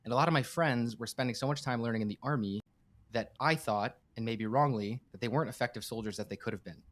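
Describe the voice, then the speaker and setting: A man speaks at a brisk, rapid clip in a mid-range voice, earnest and emphatic as he tells a heartfelt story. He often circles back and restarts his words. He sounds like a rabbi sharing his own experience as a podcast guest. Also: medium pitch. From United States.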